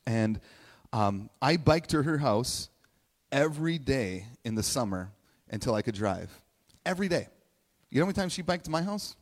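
A man telling a personal story in a sermon, chatty and animated, acting out quotes in playful voices. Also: mid-range voice, moderate pace. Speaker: speaker giving a message to a congregation. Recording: long hall reverb.

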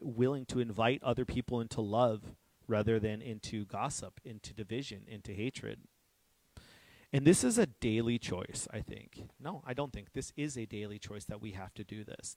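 A man's voice: lowish voice, a little mellow, no echo. Candid rambling man preaching, dry sound. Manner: candid, self-deprecating, rambling with restarts. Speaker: pastor. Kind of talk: conversational sermon.

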